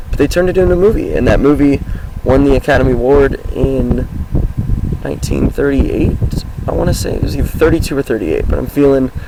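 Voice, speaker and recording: A teenage boy from Washington State, US, chats casually about his life in a self-introduction vlog, sitting on his car outdoors. He is groggy and hoarse, upbeat and rambling with many fillers, and speaks at medium pitch with a warm tone. The recording is rough, with a little hiss or hum.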